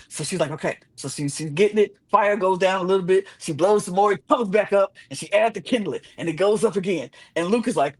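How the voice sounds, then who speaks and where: Male podcast co-host, AAVE, casual recap chat, very animated, dramatic pitch jumps. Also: a little fast. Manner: animated, acts out reactions with big pitch swings.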